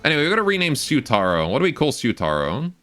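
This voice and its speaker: A man's voice: mid-range voice, wildly swooping pitch, quick pace, fairly bright tone. Young guy streaming a game, chatty and jokey, laughs a lot, close mic, faint music behind. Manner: rambling, joking, laughs often. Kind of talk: casual live gameplay commentary. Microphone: cheap stage mic close up.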